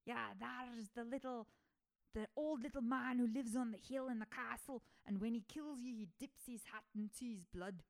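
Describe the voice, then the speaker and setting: A woman's voice: fairly high pitch, moderate pace, vocal fry, pitched above the performer's own voice. A woman voicing a gossiping village local, attempting a Scottish accent in a playful, exaggerated storytelling manner. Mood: gossipy.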